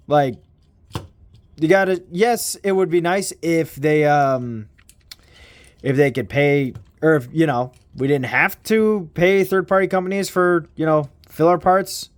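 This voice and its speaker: Young guy, slangy toy-review rambler, unhurried delivery, slightly high voice. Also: no room sound. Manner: rambling, slangy, mild swearing. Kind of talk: casual vlog review.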